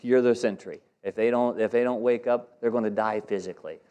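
A man's voice: lowish voice, steady tone, fairly quick, mellow, clear, resonant tone. A man preaching a sermon, emphatic and conversational, putting direct questions to his congregation. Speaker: pastor.

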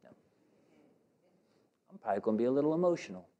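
A man's voice: medium pitch, expressive, fast, mellow, muffled recording. A man preaching a sermon, emphatic and conversational, putting direct questions to his congregation. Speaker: pastor.

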